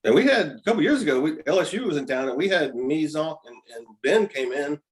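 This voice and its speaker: A man in his fifties, a podcast guest, telling animated stories in casual chat, often chuckling and repeating words. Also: on the high side, fast, low-quality recording. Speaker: podcast guest, former pitcher. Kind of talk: casual storytelling.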